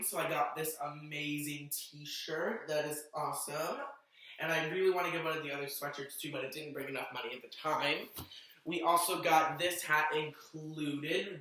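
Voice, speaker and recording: A young man from Massachusetts telling a fan meet-up story in a vlog, gushing with breathless excitement. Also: fairly high pitch, distant mic. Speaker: vlogger. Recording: echoey room, off mic.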